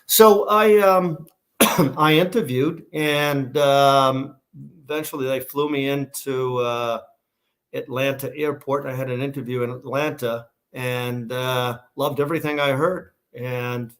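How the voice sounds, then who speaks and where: A man's voice: mid-range voice, fairly even intonation, slow pace. A middle-aged man with a Boston accent, a guest in a casual interview, telling stories in a rambling way with many restarts and fillers. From Massachusetts, USA. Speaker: guest, shoe company founder.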